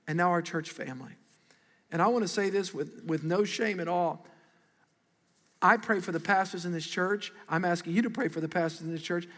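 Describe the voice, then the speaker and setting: A man in middle age preaching a sermon in a high, bright, ringing voice. He talks with the congregation in a lively, conversational way and has them call back answers. The sound carries a long reverb from a large church hall. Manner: animated, conversational preaching with audience call-and-response. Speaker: pastor.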